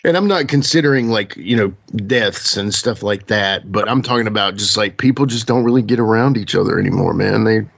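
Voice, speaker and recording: A man's voice: fairly low pitch, a little fast, vocal fry, hardly any pauses, highs cut off. A man co-hosting a podcast in casual chat, rambling and peppering his talk with "man" and "dude.". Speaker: podcast co-host.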